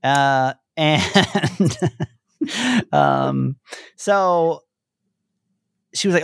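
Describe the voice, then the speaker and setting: A woman co-hosting a casual podcast, telling stories in an animated way with lots of "like"s. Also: very deep voice, slow pace, long pauses, dry recording, studio quality. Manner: animated storyteller, many "like"s. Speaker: podcast co-host. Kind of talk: casual chat.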